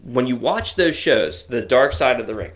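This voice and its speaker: A man in his forties co-hosting a casual podcast, telling rambling, animated stories. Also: medium pitch, moderate pace. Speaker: co-host. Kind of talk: casual chat.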